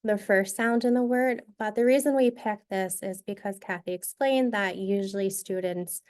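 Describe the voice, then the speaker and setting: A woman presents a teacher-training session, clearly and instructively demonstrating a reading activity step by step. She has a medium-pitched, slightly mellow voice and keeps a moderate pace.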